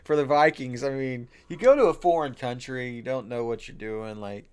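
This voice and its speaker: A man's voice: mid-range voice, expressive, moderate pace, a little mellow, clean tone. A man co-hosting a casual sports podcast over drinks, loose and swearing, laughing often. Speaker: podcast co-host.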